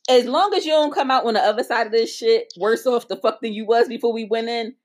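A woman co-hosting a podcast, chatting casually in a profane, animated storytelling manner. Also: a little high, fast. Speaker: podcast co-host. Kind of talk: casual chat.

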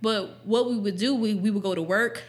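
A woman's voice: medium pitch, moderate pace. A young woman hosting a podcast, telling a personal story in casual chat, blunt and profane and often laughing. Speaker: podcast host.

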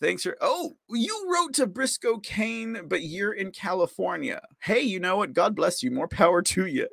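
A man's voice: high-pitched, sing-song, moderate pace, vocal fry, fairly bright tone, dry recording, studio quality. A man hosting a live podcast, rambling casually, mocking his targets with frequent laughs and reading viewer comments aloud. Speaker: podcast host.

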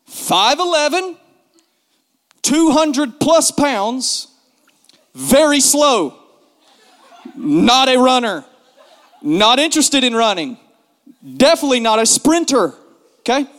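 A man spins a comic tale in a high voice, animated and self-mocking, leaning on repeated words for punch. His voice rings out with a long reverb, as if in a large hall. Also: slow, long pauses. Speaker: storyteller. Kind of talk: casual comic storytelling.

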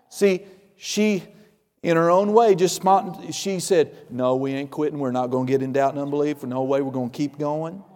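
Male pastor, fairly high voice, lively sermon storyteller, church hall reverb. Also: normal speed. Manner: storytelling, acts out quoted voices, emphatic.

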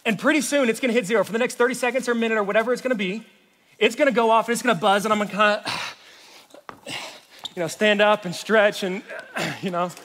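A man preaching a sermon as a youth pastor, animated, swinging from loud to hushed. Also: high-pitched, quick pace, pauses often, in a large hall, slight background noise.

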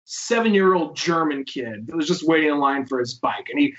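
A man's voice: a little high, expressive, a little fast, highs cut off. A man hosting a podcast, telling rambling, profane stories in casual chat. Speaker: podcast host.

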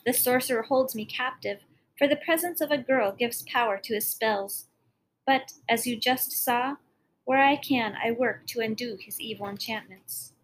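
Fao, a gentle captive girl, read by a woman. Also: on the high side, moderate pace, slight background noise, natural voice, low-quality recording. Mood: earnest. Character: gentle young captive girl, brave and kind.

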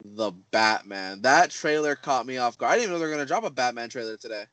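A man's voice: mid-range voice, expressive, fast talker, a bit bright, dry recording. Opinionated young man, dry close sound. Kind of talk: casual chat.

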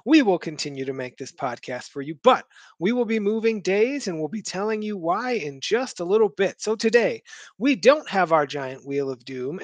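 A man opening a casual podcast in an upbeat host manner, with a high voice that swings widely in pitch. The sound is dry and close, with faint music under him. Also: no room sound. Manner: upbeat, show-host framing. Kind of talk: casual podcast intro and chat.

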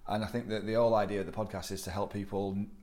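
A man with a fairly low voice hosts a podcast in an easy, conversational way. He encourages his guest and fills the pauses with quick affirmations. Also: level tone, darkish tone. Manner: encouraging, with many short back-channel replies. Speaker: podcast host. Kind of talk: casual interview.

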